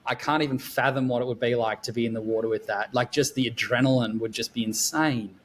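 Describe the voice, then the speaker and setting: A man chats as a podcast guest, his pitch sitting in the middle range. He rambles through his stories with plenty of ums and likes and laughs often. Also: fairly even intonation, fast. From Melbourne, Australia. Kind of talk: casual interview chat.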